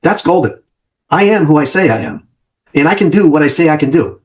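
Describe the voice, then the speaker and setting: A man's voice: on the high side, lively intonation, brisk, darkish tone. A middle-aged man and trading mentor talking straight to camera in an emphatic vlog, repeating phrases and asking "right?" after his points.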